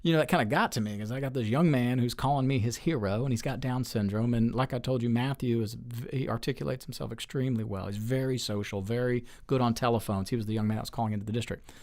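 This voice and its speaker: A man in his forties talks as an interview guest, earnest and chatty, with a medium-pitched, everyday voice. He tells long stories, circling back with plenty of "you know"s and restarts. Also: quick pace, a little mellow. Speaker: state lawmaker as guest. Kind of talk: casual storytelling interview.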